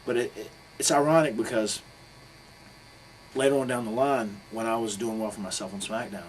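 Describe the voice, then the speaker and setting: A middle-aged man telling a story in a casual interview, swearing freely and acting out quotes with sudden loud bursts. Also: on the low side, steady tone, moderate pace, a little hiss or hum, poor audio.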